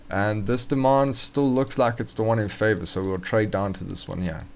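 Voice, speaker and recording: Gravelly low-voiced man. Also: steady tone, normal speed, few pauses, noisy background. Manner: thinks aloud with fillers and restarts, chatty asides. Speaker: forex trading educator streaming live. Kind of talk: casual live chart walkthrough.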